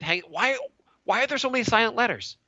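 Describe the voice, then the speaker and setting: A man's voice: extremely high pitch, a little fast, no room sound. A man in his thirties co-hosting a podcast, chatting casually and rambling with lots of restarts. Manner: rambling, animated, many restarts and stammers. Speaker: podcast co-host. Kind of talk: casual chat. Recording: dull lo-fi dry sound.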